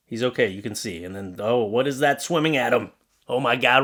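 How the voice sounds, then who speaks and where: A man's voice: fairly low pitch, a little fast, fairly bright tone. A young adult man hosting a comedy commentary show, reacting to posts in a sarcastic, exasperated way and slipping into mock voices.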